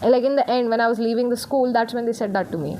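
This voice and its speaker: A woman's voice: on the high side, fast talker, dark tone, slight background noise. A young woman giving a casual tarot reading, talking in a rambling, blunt way and swearing freely. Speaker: tarot reader.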